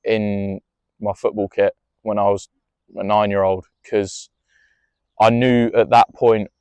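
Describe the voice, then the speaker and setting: A man's voice: fairly low pitch, level tone, slow, darkish tone, clear, resonant tone, dry recording. A young man tells a personal story in a rambling, emotional way, swearing freely and restarting often.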